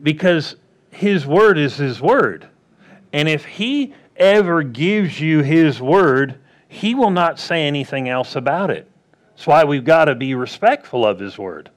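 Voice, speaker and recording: A man preaching a sermon in a slightly raised, lightly higher voice. He keeps it plain-spoken and conversational, firing off rhetorical questions and acting out little back-and-forth quotes to drive each point home. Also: lively intonation, measured pace. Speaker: pastor.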